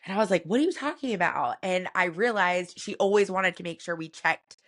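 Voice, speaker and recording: A woman with a slightly low voice shares a personal family story as a podcast co-host. She speaks softly and reflectively, with plenty of casual fillers between her thoughts. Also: expressive, brisk. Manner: soft and reflective, with many fillers like "like" and "you know".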